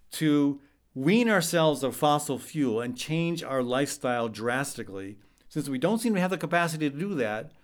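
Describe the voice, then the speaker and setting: Urgent male radio host. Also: medium pitch. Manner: urgent, halting, many fillers and restarts. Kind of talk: earnest talk-radio commentary.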